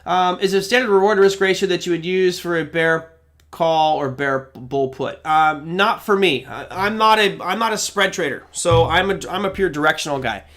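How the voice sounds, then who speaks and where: A man's voice: high-pitched, moderate pace, fairly bright tone. A middle-aged man hosting a live trading Q&A, casually explaining his approach and reading out viewer questions as he goes. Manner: conversational, explains while reading questions aloud.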